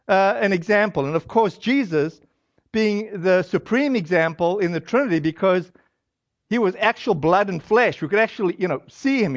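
High-voiced man preaching casually. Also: dry recording. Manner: casual and animated, acts out quoted voices, many fillers. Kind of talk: conversational sermon. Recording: dry, dull lo-fi audio.

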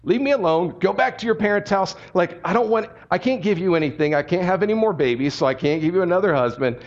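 A man playing a bitter, grieving older widow who shouts in exasperated outbursts. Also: high voice, lively intonation, fast, lo-fi sound. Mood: weary pleading.

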